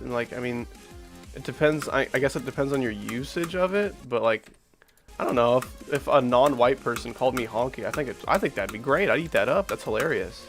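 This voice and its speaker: A man in his thirties rambles casually to his stream chat while he plays, his talk loose and full of filler words. Faint music sits low in the background. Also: animated, fairly quick, a bit bright. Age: 30s. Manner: rambling, many "like" fillers, reacts to chat mid-play. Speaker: streamer playing requested game levels. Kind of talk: casual livestream chat answering viewers.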